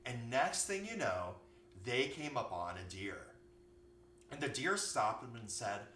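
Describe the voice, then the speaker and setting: A man tells a story for children in an animated, expressive way. His voice is bright and swoops through a lively range. He sits far from the mic in an echoey room with a faint hum behind. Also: medium pitch, a little slow. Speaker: yoga teacher.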